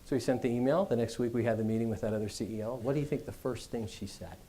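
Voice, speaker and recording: Middle-aged guy giving a talk to students, mellow tone, chatty storytelling. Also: medium pitch, rapid-fire, slight background noise. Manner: conversational storytelling, animated. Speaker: guest speaker. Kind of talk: business school address.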